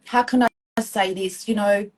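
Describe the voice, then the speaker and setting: A hairdresser in her forties with an Australian accent, appearing as a student guest on a live-stream chat, tells her story in a chatty, rambling way full of ums and acted-out quotes. Her medium-pitched voice is steady, slow and darkish, and the recording is low quality.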